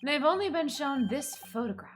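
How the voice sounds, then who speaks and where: A woman voicing a smug, scheming male French swindler with a put-on French accent, speaking in a theatrical, drawn-out way. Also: high-pitched, lively intonation, faint music behind. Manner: theatrical, drawn-out, self-satisfied. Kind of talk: reading game dialogue aloud on stream.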